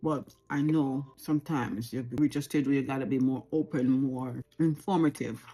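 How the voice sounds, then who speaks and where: A woman's voice: a bass voice, fairly even intonation, normal speed, mellow, slightly rough. A Jamaican woman in her forties, talking reflectively and earnestly to camera at home, repeating phrases for emphasis. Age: 40s. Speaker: vlogger. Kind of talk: unscripted personal talk to camera.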